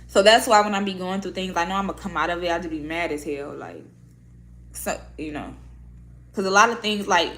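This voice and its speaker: Here the woman's voice is on the low side but fairly bright, moving a little quickly, with a faint hiss or hum in the background. She's a vlogger opening up to viewers in a casual, candid chat, heavy on profanity, blunt, and emotional about her own life.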